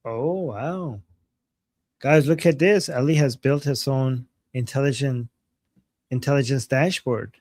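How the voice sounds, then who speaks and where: A man whose first language is Persian talks in easy, chatty livestream style. He explains things through lots of examples, at a middling pitch. The sound is dry and close, with no room in it. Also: a little slow, a little mellow, dry recording. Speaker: livestream co-host. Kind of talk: casual livestream chat.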